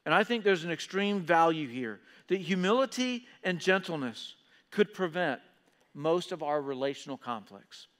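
Male pastor, high voice, lively sermon delivery, long church-hall reverb. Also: normal speed. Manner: animated preaching, acts out listeners' voices. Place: church auditorium.

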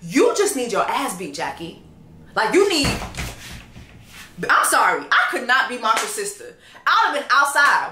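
Woman, reality show reviewer, profane animated rant, high-ish voice, roomy echo. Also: a little slow, pauses often. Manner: loud, profane, animated ranting. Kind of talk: casual reaction commentary.

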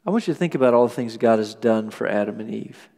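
A man preaching a sermon as pastor, lively and acting out quoted voices. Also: medium pitch, fast, gravelly, big-room sound. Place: church sanctuary.

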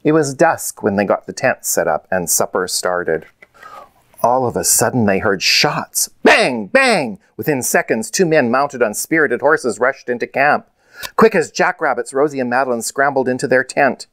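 A man, the author, reading his children's storybook aloud in a measured, clear way. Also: mid-range voice, expressive, a bit bright, no room sound.

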